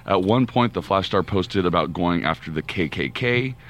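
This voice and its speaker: A man's voice: low-pitched, expressive, moderate pace, a little hiss or hum. A man co-hosting a morning radio show who reads the news headlines in an offhand, joking way. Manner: joking, offhand, slides into laughter. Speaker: news co-host. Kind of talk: casual radio banter.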